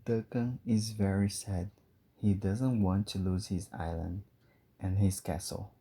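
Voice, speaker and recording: Male narrator for learners, simple storybook reading, very dark mellow voice, low. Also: fairly even intonation. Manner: simple, clear, measured.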